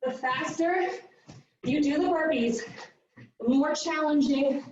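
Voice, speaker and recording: A woman's voice: high-pitched, slow pace, a little mellow, very echoey, recorded from a distance, highs cut off. A woman fitness coach leading a live workout, out of breath, upbeat and counting down the reps.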